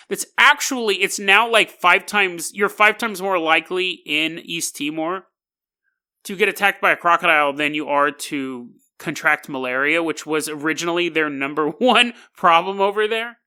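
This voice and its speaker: A man's voice: high-pitched, normal speed, bright, forceful tone, clear, resonant tone. A man hosting a podcast, telling a story in a rambling, jokey way and laughing often. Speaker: podcast host.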